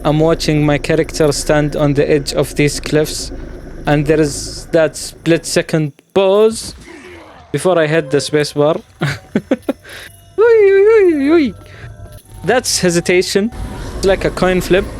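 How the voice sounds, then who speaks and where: A man talks over his gameplay from his desk, reflective and musing, now and then breaking into a playful exclamation. His voice sits a little high for a man. A faint hiss runs under the recording. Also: fairly even intonation, unhurried, darkish tone. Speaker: gaming channel host.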